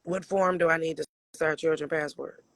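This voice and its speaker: A man from Michigan with a raspy voice hosts a casual livestream, answering viewers' questions bluntly with frequent swearing and laughter. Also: on the high side, fairly even intonation, normal speed, fairly bright tone, no echo. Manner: blunt, profane, laughs often. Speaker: livestream host.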